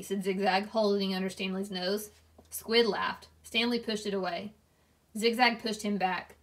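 A woman reading a novel aloud, narrating steadily and clearly. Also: mid-range voice, steady tone, moderate pace. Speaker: reader.

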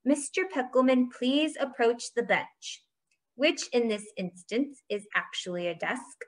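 A woman voicing an eccentric, booming older game-maker in a storybook read-aloud. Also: lively intonation, unhurried. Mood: theatrical. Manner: booming, theatrical.

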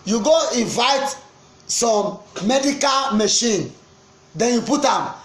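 High-voiced Nigerian man ranting. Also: animated, takes it slowly. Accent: Nigerian, Pidgin-inflected. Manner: preachy, repetitive, mixes Pidgin and English, breaks into chant. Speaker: political commentator. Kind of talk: impassioned political rant.

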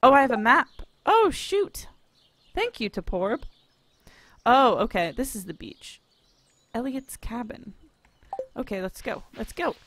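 A woman's voice: fairly high pitch, expressive, a little slow, long pauses, a bit bright. A woman commenting while playing a farming game, joking and swearing freely. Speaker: gamer. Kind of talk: let's play commentary.

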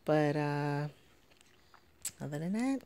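Late at night at home, with a baby asleep nearby, a young woman vlogs casually, rambling and chatting with lots of fillers. Her voice is deep and a bit mellow, with vocal fry, a level tone, and a slightly slow pace.

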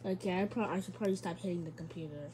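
A woman's voice: fairly low pitch, rapid-fire, heavy background noise. A woman giving casual, chatty let's-play commentary, giggling and talking back to a game character. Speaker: gamer.

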